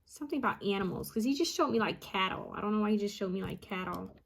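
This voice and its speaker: A woman psychic medium reading out channeled messages, repeating each word she hears and pausing often with ums. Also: medium pitch, lively intonation, vocal fry, a little hiss or hum. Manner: hesitant with frequent ums.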